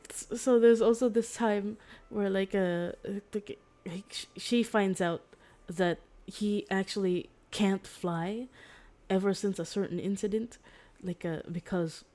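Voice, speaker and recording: A young woman streaming from home, casually retelling a story in a rambling, excitable way, with lots of "like" and restarts. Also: mid-range voice, unhurried. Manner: giggly, excitable.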